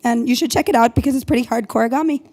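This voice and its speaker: Mellow, gravelly-voiced woman hosting. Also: a little high, very fast. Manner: light, joking, with fillers. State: talking with a cough drop in her mouth. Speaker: event host. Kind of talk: introducing presenters at an event.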